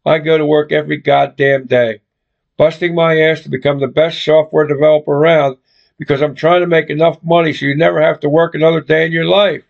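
A man's voice: fairly high pitch, flat delivery, brisk, vocal fry. A man voicing an evasive, condescending young man who talks in curt, dismissive lines, on a dull lo-fi recording. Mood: defensive.

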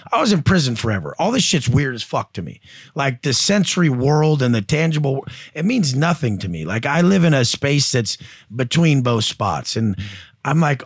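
A man's voice: mid-range voice, breathy edge, no room sound, studio quality. A man speaking as a guest entrepreneur and coach, telling blunt, profane stories and acting out the voices of the people in them. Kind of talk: casual interview storytelling.

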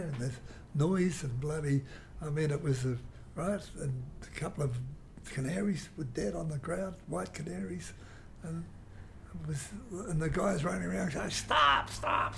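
Gravelly older man reminiscing. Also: on the high side, normal speed, slight background noise. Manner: rambling, animated storyteller who mimics guitar sounds. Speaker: interviewee. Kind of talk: reminiscing anecdote.

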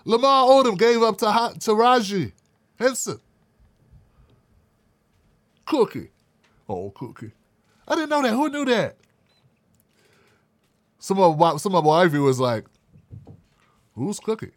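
A male commentator with a high, very lively voice, swooping up and down as he mocks and swears his way through his own online show. He sounds sarcastic and loose, and his voice is dry and close, with no room sound. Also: measured pace, long pauses, dry recording. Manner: sarcastic, mocking, profane. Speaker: independent media commentator.

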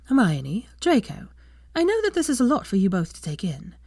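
A woman voicing a poised, middle-aged aristocratic mother who speaks with measured, gracious courtesy. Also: medium pitch, wildly swooping pitch, a little mellow, no echo, clean studio sound, pitched above the performer's own voice.

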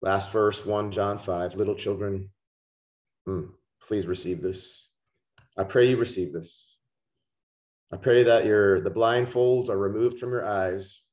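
A man preaching a podcast sermon, slow and emphatic, repeating key words for stress. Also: lowish voice, fairly even intonation, a little mellow. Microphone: podcast microphone.

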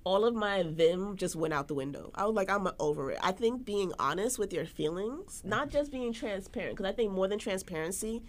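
A woman's voice: medium pitch, expressive, a little fast, hardly any pauses. A woman co-hosting a podcast in casual chat, candid and emphatic, often restarting her sentences. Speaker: podcast co-host.

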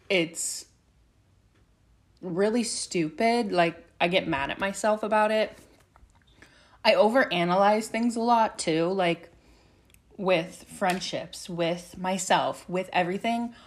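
A woman's voice: mid-range voice, slow, long pauses. A young woman hosts her own podcast alone, chatting candidly and a little aimlessly. She drifts from thought to thought, swears casually, and sounds open and unfiltered. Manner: rambling, frank, swears freely. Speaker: podcast host. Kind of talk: candid solo podcast chat.

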